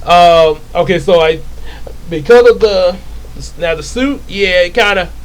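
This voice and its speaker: A man's voice: sits high, measured pace, low-quality recording. A man casually retelling his comic book, rambling into asides and correcting himself.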